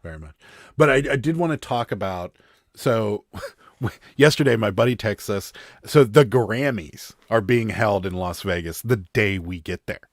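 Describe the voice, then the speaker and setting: A man's voice: on the low side, lively intonation, a little slow, no room sound, studio quality. A man hosting a live stream, chatting casually and joking as he reads viewer comments, with a Western Pennsylvania accent. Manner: rambling, joking, wry.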